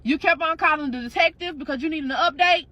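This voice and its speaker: A woman spins a dramatic story, casual and chatty, full of slang, swearing and lively energy. Her voice sits high, sharp and bright, and she talks quickly.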